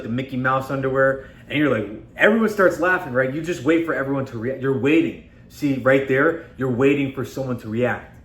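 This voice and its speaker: A man's voice: medium pitch, fairly bright tone. A man hosting a casual motivational talk, speaking conversationally and emphatically and often calling his viewers "guys". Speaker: self-improvement video host. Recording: echoey room with faint background noise.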